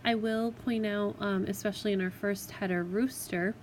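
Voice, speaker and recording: A woman teacher giving a recorded spelling lesson to children, patient and clear, sounding out words syllable by syllable. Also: medium pitch, fairly even intonation, moderate pace, heavy background noise. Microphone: tablet microphone.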